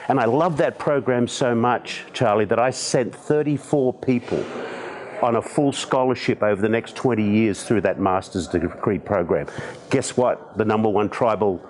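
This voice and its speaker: A man in his sixties with an Australian accent, a podcast guest telling stories in conversation with animated, self-deprecating humor. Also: lowish voice, moderate pace. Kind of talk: conversational storytelling.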